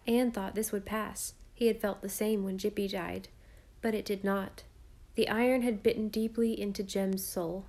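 The speaker is a woman narrating an audiobook of a classic children's novel. Her mid-range voice carries a measured, expressive telling of the story.

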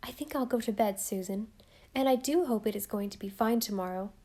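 A woman voicing a gentle, dreamy young wife, speaking softly with a slightly lifted voice. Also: fairly high pitch, fairly quick, close to an everyday voice.

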